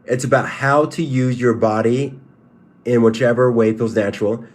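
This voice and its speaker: A man talking casually on a livestream, reacting to chat as it comes in. His pitch sits in an ordinary middle range, and he restarts his sentences and hammers the same points again and again. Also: fairly even intonation, normal speed. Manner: repetitive, stop-start, emphatic. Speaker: livestream host and fighter.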